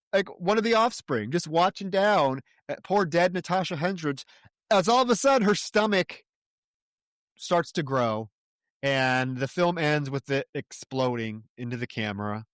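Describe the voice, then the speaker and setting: A man's voice: fairly high pitch, dry recording, studio quality. A man co-hosting a podcast, talking through a film in a brash, profane and incredulous way. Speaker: podcast co-host. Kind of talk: casual film commentary chat.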